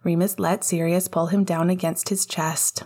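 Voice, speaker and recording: A woman narrating a fan fiction story aloud in a calm, even storytelling manner. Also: on the low side, normal speed, slightly rough. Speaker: audiobook narrator.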